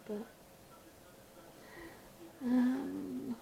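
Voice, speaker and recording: A woman chatting casually while she colours at a desk at home, rambling and mumbling quietly to herself, a little blocked up with her voice going gruff. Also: mid-range voice, a little slow, a crowd in the background, poor audio. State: slightly congested, voice going gruff. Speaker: colouring channel host. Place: small room at home.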